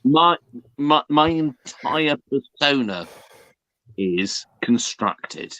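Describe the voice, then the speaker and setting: A man from the North of England, a podcast guest, speaking in a measured, defensive way in casual chat. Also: mid-range voice, animated, sharp tone, no room sound, dull audio.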